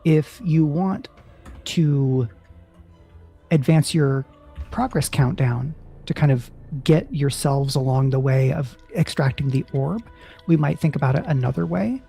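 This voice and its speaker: A game master narrating a tabletop role-playing battle in a measured, descriptive way, checking in with the players. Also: medium pitch, creaky, dark tone, breathy edge, faint music behind. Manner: measured, descriptive, hesitant restarts.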